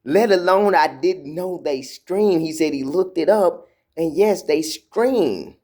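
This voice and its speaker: A man's voice: a little high, slow pace. A man casually telling a personal spiritual story, rambling with many fillers and repeated words, acting out quotes as he goes. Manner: retells quotes in a lively animated way.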